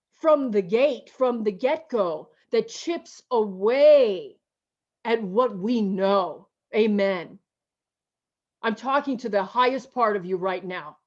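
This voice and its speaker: A woman pastor preaching a slow, emotional, repetitive sermon over a video call. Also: a little high, darkish tone, lo-fi sound. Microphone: video call mic.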